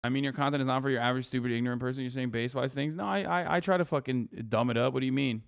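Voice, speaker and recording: A man hosting a stream, reacting to a show in loose, profane, animated chat. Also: mid-range voice, racing, vocal fry, a little hiss or hum. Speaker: streamer host.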